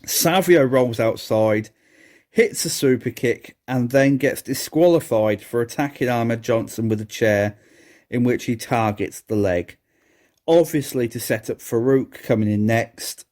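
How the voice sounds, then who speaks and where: Slow, mellow-voiced man doing a sarcastic review. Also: medium pitch. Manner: sarcastic, laughs at what he describes. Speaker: podcast host. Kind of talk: solo wrestling review podcast.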